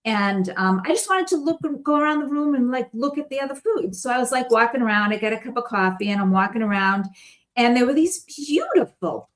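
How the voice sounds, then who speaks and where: A woman guest telling stories in a casual chat, rambling and animated and laughing often. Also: on the high side, fairly quick.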